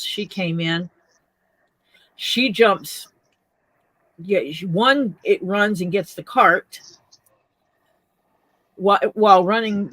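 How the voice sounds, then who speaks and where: An older woman in a casual chat, telling lively stories. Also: on the low side, no room sound. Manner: lively, chatty storyteller.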